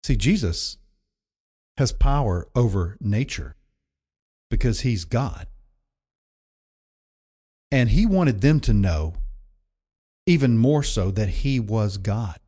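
A man's voice: lowish voice, sing-song, slow, pauses often, dark tone, breathy edge. Conversational male preacher, emphatic. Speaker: pastor. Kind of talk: sermon.

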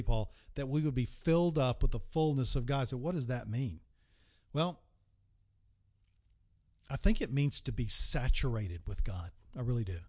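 A man's voice: medium pitch, a little mellow. Earnest man preaching a Bible sermon. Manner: earnest, asks the listener direct questions; stretches key words slowly for emphasis.

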